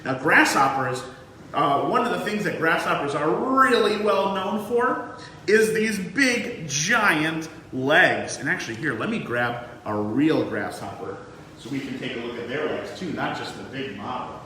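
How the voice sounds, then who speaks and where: A man giving a museum lesson to young children in a lively, sing-song way. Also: on the high side, measured pace, slight background noise. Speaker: museum educator. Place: museum room. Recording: echoey room, mic far off.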